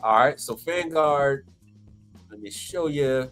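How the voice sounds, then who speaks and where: Speaking slowly in a mid-range voice, a man hosts a commercial appliance repair live stream and goes over inspection reports with theatrical, excitable outbursts. Soft music runs in the background.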